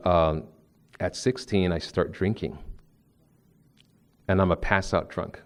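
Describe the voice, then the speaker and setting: A man with a low, deep voice speaks to a live audience from a podium. He is from New Jersey and delivers a spiritual talk as a string of personal stories. His delivery is loose and conversational, and he often restarts his sentences. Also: a little mellow. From New Jersey, USA. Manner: conversational, storytelling, frequent restarts. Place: lecture room with podium.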